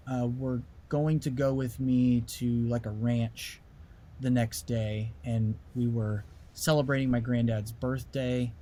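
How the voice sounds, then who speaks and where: A man, a musician being interviewed, telling a story in a lively way and raising his voice sharply when he acts out what people said. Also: medium pitch. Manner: animated storyteller, voice rises sharply when acting out quoted lines. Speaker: musician guest.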